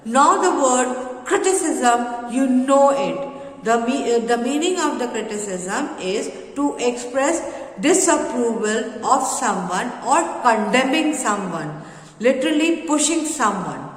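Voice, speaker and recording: A woman teacher explaining a lesson to children, slow and halting with many fillers. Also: a little high. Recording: echoey room, voice from a distance.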